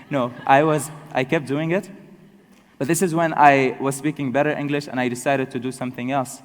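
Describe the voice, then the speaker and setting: A man's voice: mid-range voice, steady tone. Man telling his story in a reverberant hall. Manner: halting, self-correcting, good-humored. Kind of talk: personal storytelling talk. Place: large hall with an audience.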